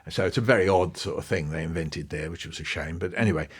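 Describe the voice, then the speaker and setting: A man being interviewed about education, talking in a relaxed, conversational way. He tells lively anecdotes, thinks aloud with restarts and asides, and briefly acts out the voices of the people he quotes. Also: deep voice, fast, slightly rough. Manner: animated storytelling, acting out quoted voices. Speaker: guest speaking on education.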